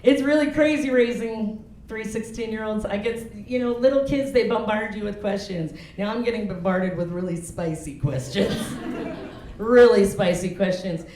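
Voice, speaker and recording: This stand-up comic, a woman in her forties, has a medium-pitched voice and talks at a normal speed with slight background noise. She speaks frankly and laughs at her own jokes in an echoey club, where the loud crowd's laughter can be heard.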